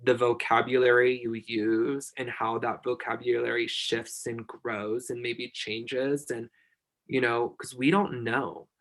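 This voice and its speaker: A man talks in a casual podcast chat, pouring out emphatic encouragement. His voice is bright and forceful, sitting at an ordinary pitch for a man. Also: flat delivery, measured pace. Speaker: podcast guest.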